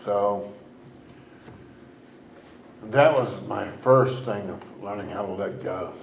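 A man's voice: on the low side, creaky, echoey room, muffled recording, a little hiss or hum. Man sharing his recovery story, rambling. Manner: rambling, halting, with many restarts and fillers. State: emotional at times. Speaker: recovery meeting speaker. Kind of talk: personal testimony.

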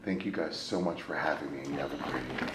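A man giving a personal testimony as a speaker at a recovery meeting. He tells his story with animated swings between loud exclaiming and a hushed murmur, and keeps checking in with "right?". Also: very deep voice, quick pace. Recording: echoey room with faint ambient noise.

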